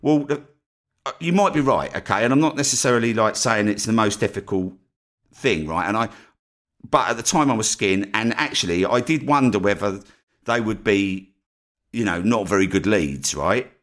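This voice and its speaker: A man's voice: on the low side, normal speed. A man hosting a podcast, telling a story in a chatty way and often checking in with the listener. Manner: animated, chatty, keeps asking "right?". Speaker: podcast host.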